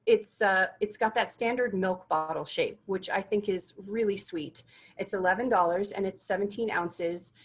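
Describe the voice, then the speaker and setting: A woman's voice: mid-range voice, slightly rough, low-quality recording. A woman presenting corporate gift drinkware in a product demonstration, enthusiastic and gushing about each item.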